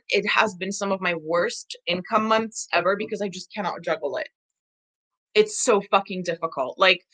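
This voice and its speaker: A woman business coach hosts a live stream, reading comments in casual chat with a mid-range, bright, forceful voice. She is frank and emotional, swearing heavily and laughing quickly.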